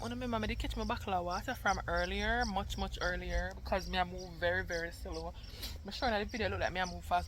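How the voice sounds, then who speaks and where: A young woman chatting casually in a day-in-the-life vlog at home, playful and teasing with sudden loud bursts. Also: medium pitch. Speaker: vlogger. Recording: noisy home recording.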